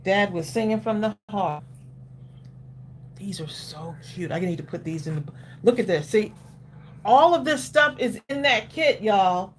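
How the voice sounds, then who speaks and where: A woman's voice: medium pitch, animated, measured pace, pauses often, a little hiss or hum. A woman hosting a crafting livestream who chats casually, encourages viewers and laughs often. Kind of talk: casual live-stream chat.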